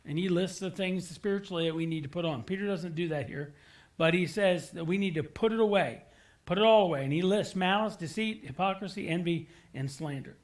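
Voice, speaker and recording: Guy preaching in church, pretty high voice, earnest, keeps repeating words to hammer them home, chatty asides. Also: fairly quick. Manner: conversational asides and fillers. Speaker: pastor. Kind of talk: sermon. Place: church sanctuary.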